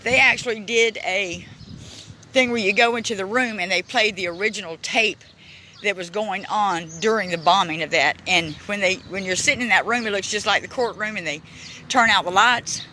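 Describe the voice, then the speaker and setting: Bright high-voiced man touring a city park. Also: a little hiss or hum, poor audio. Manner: halting reader, stumbles and restarts; emotional, close to tears. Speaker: vlogger giving a walking tour. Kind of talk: casual walking-tour vlog, reading signs aloud.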